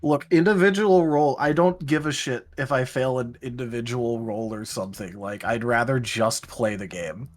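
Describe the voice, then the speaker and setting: A man in loose voice-chat banter, mid-pitched and ordinary, telling a story in rambling bursts with plenty of laughter and casual swearing. He sounds like a gamer talking to friends over a desk mic. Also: moderate pace, hardly any pauses. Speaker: stream co-player.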